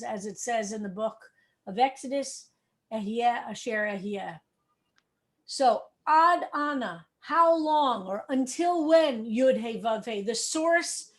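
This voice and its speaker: A middle-aged woman, a rabbi teaching a text study class over a video call, explaining step by step and repeating key points. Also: a little high.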